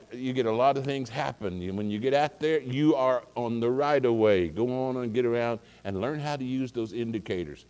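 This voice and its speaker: A man's voice: mid-range voice, a little mellow, smooth. A man preaching, telling a rambling folksy story with many fillers and restarts. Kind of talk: casual sermon anecdote. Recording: long hall reverb.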